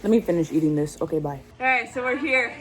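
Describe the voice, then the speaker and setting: A woman's voice: mid-range voice, expressive, fast talker. A woman in her twenties chatting casually in a vlog, playful and slangy, often laughing, at her family's home at Christmas. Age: 20s. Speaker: vlogger. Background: background music.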